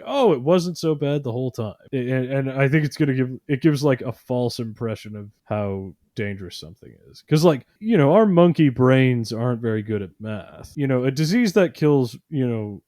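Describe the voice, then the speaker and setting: A man's voice: medium pitch, lively intonation, brisk, few pauses, darkish tone, dry recording, clean studio sound. A man co-hosting a podcast, rambling in casual chat with lots of fillers and sarcastic mock voices. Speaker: podcast co-host.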